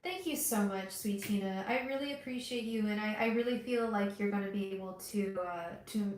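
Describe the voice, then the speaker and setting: A woman hosting a live tarot reading, talking gently and directly to her viewers with frequent restarts. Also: medium pitch, brisk, few pauses, roomy sound, a little hiss or hum, rough recording. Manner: gentle, soothing, talks straight to viewers; emotional, hesitant restarts. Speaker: tarot reader livestream host. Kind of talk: casual livestream reading.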